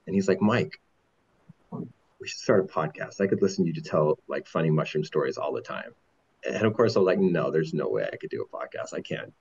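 Man, 40s, deep husky voice, candid rambling storyteller with lots of restarts, dull lo-fi sound. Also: darkish tone. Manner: rambling, halting with repeated restarts. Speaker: podcast guest.

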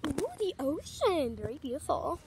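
A woman voicing an excitable, clumsy young girl at a playground, chattering through everything she does and yelping when she tumbles. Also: high-pitched, normal speed. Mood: chatty. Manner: chatty running self-commentary, squealing and yelping. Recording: noisy background.

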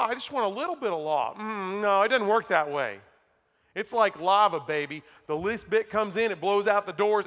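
A man preaching a sermon from the pulpit, emphatic, dropping to quiet asides and mocking the other side. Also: high voice. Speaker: pastor. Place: church sanctuary. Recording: long hall reverb.

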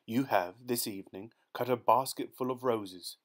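A man reading an audiobook, voicing a peculiar, excitable male inventor who speaks urgently and intensely. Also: mid-range voice, normal speed, natural voice.

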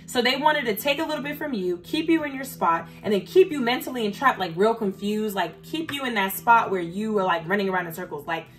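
A woman's voice: mid-range voice, expressive, brisk, hardly any pauses. Woman doing a tarot reading, cussing and blunt, gets kinda heated, faint music underneath. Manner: blunt, profane, talks straight to viewers. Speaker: tarot reader. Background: faint background music.

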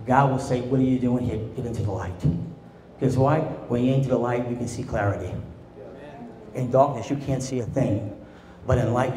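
Man, pastor, sermon, call-and-response, roomy church echo, medium pitch. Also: darkish tone, a little hiss or hum. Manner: preachy call-and-response, asking the congregation to answer. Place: church sanctuary.

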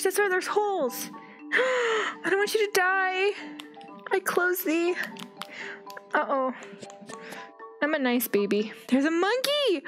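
A young woman who makes gaming videos gives excited commentary on a game, gasping, squealing, and using baby talk with the animals. Her voice is extremely high and a bit bright.

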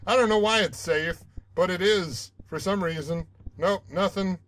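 A man's voice: high-pitched, moderate pace, noisy background. A young man giving let's play commentary on a horror game, jumpy and swearing, rambling and talking back at the game.

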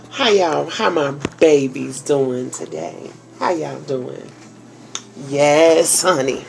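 A woman's voice: deep voice, slow pace, vocal fry, slight background noise. A grandmother vlogging from her home office, tired and speaking in a folksy, salty way, calling her viewers honey and baby. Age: older. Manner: folksy, salty, talks straight to viewers with endearments. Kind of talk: casual vlog chat.

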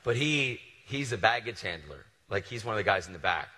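A male preacher with a fairly low voice and a bright, forceful tone, telling a story in an animated and casual way. His sermon rings out with the long reverb of a big hall. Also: brisk. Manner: casual and animated, slangy asides.

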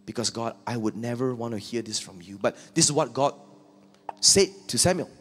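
A man's voice: medium pitch, fairly quick, slightly rough. A male pastor preaching a sermon, earnest and reflective, with rhetorical questions. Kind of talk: sermon with scripture reading.

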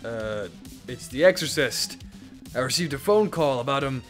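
A man reading game dialogue aloud as a sarcastic young exorcist priest, in a low, dry deadpan. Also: moderate pace, soft background music, natural voice.

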